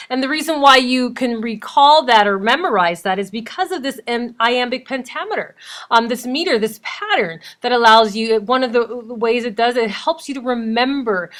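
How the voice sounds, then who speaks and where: Slow, bright-voiced woman teacher. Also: on the high side, expressive. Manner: slow, deliberate explaining with counting and emphasis. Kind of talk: recorded classroom lecture.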